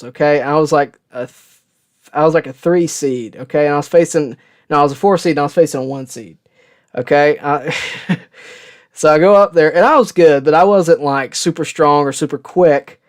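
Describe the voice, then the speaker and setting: A man on a live sports stream, talking loosely and rambling as he answers viewer questions, dropping fillers like "uh" and "okay?" along the way. His voice sits a little high for a man and comes through smooth and clean. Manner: casual, rambling storyteller with frequent "uh" and "okay?". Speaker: sports show host.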